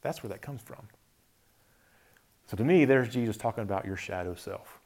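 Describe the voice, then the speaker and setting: A man giving a reflective talk on faith, thoughtful, often chuckling softly and listing words slowly. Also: lowish voice, expressive.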